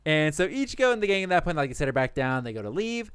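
A man's voice: on the high side, big pitch swings, fast, a bit bright, clear, resonant tone, no room sound. A man animatedly recapping a cartoon plot for friends in casual, profane storytelling, laughing often.

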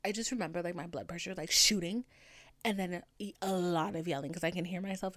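A woman in her twenties, a podcast host telling a story in casual talk. She swears freely and swings from hushed whispers to loud ranting. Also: lowish voice, fast talker, no echo. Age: 20s.

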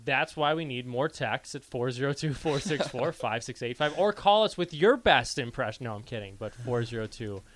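Bright-voiced male radio host. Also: mid-range voice, animated, normal speed, few pauses, slight background noise. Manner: joking, self-deprecating. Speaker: radio host and team announcer. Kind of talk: casual radio chat.

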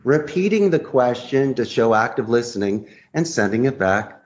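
A man being interviewed as a guest, talking in a lively, theatrical way, laughing often as he acts out sales calls. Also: mid-range voice, normal speed. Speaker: guest, customer service trainer. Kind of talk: animated interview talk acting out sales calls. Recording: muffled lo-fi audio.

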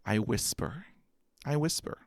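A man's voice: medium pitch, lively intonation, unhurried, gravelly, no room sound, clean studio sound. A man who stutters, with blocks and repeated sounds, telling a self-mocking personal story and acting out quotes. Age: adult with a master's degree.

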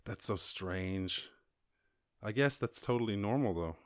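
Low-voiced Irish man rambling on a podcast. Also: lively intonation, a little slow, no echo, studio quality. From Ireland. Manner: rambling, profane, jumps into high squeaky voices for quoted people and animals. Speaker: podcast host. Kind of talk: casual solo podcast chat reading news.

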